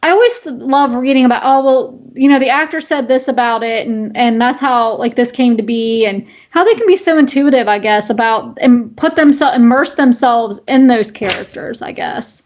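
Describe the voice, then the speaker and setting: A woman co-hosting a podcast talks in a high, light voice. She rambles casually and keeps restarting her sentences. Her talk is stuffed with fillers. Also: moderate pace, hardly any pauses, a little mellow. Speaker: podcast co-host. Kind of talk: casual chat.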